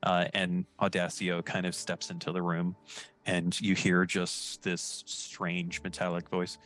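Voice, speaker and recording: A man's voice: low voice, little pitch movement, measured pace, fairly bright tone, soft background music. A man narrating as game master, casual and hesitant with many fillers.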